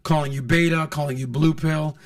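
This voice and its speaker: A man's voice: fairly high pitch, brisk, recorded from a distance. A man hosting a casual podcast chat, telling stories with acted-out quotes. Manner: animated storyteller, acts out quotes. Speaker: podcast host.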